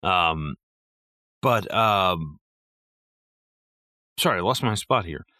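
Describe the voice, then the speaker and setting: Bright-voiced, profane man chatting about a movie. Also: low voice, lively intonation, slow pace, no room sound, studio quality. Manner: rambling and profane, with many fillers. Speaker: podcast co-host. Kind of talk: casual movie-review chat.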